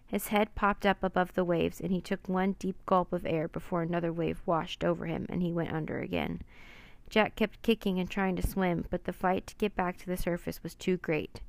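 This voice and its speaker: A woman reading a children's adventure book aloud with expressive, dramatic narration. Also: fairly low pitch, moderate pace, gravelly, no echo. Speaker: storyteller.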